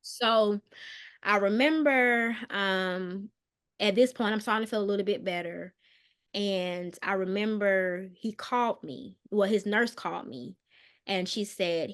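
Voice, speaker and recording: Soft-spoken woman telling a painful story. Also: mid-range voice, measured pace, clear, resonant tone. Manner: earnest, hesitant, many "um"s and restarts; soft and subdued on painful details. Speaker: guest, mental health counselor. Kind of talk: personal storytelling in a podcast interview.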